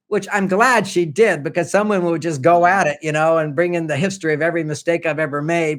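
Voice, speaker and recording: Speaking quickly with few pauses, an older man whose voice sits on the high side and stays steady tells anecdotes as a podcast guest. A relationship author, he voices the quoted dialogue of people in his conversational stories.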